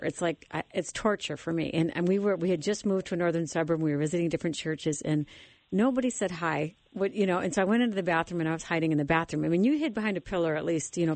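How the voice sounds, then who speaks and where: Woman, host, earnest storyteller, animated, low-pitched. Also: no room sound. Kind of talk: casual faith conversation.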